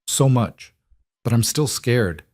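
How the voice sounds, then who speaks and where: A man voicing a tender, anxious young mother who speaks softly and hesitantly in a narrated romance story. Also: medium pitch, expressive, takes it slowly, dry recording, clean studio sound, pitched above the performer's own voice. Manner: soft, emotional, hesitant.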